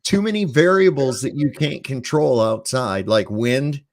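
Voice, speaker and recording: A man's voice: medium pitch, unhurried, crowd noise. Rambling, profane male podcast host. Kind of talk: casual podcast chat.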